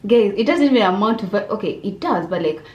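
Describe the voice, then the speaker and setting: A woman's voice: mid-range voice, animated, fast, darkish tone, lo-fi sound. A young woman from Uganda, chatting casually in a vlog Q&A, rambling with lots of fillers and restarts. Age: young adult. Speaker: vlogger. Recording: echoey room with faint ambience.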